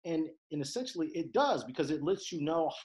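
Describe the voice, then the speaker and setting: Young guy from detroit on a podcast, kinda high voice, gets loud and animated. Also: fairly quick. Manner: animated, swings into loud laughing impressions. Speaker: podcast guest. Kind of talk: casual conversation.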